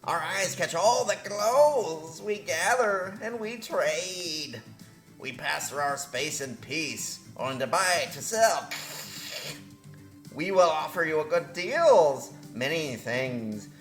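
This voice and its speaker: Sly weasel alien merchant, put on by a man, slow and lilting, faint music under a roomy sound. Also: a little high, animated, fairly bright tone, pitched above the performer's own voice, heavily acted. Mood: grandly welcoming. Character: small weaselly alien merchant, male, scheming trader.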